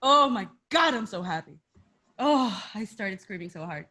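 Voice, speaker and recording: A woman's voice: medium pitch, expressive, normal speed, sharp tone. A woman co-hosting a podcast, talking casually and gushing emotionally. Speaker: podcast co-host. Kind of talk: casual wrestling chat.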